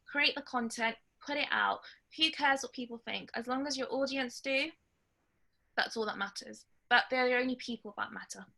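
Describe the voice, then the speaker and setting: Bright-voiced blunt woman giving a webinar talk. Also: fairly high pitch, normal speed, gravelly. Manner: blunt, straight to the point; lively, loud in places. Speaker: webinar guest speaker. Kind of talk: webinar talk on social media strategy.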